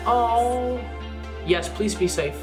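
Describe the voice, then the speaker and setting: A man reacting casually to a music video, chatty and gushing with lots of fillers, sometimes jumping higher when excited. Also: moderate pace. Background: music playing faintly.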